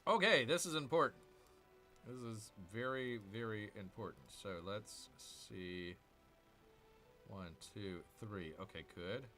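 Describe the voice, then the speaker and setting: A man's voice: on the low side, slow, sharp tone, soft background music. A man hosting a casual let's-play, chatting with viewers and muttering to himself over his moves. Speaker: gaming channel host.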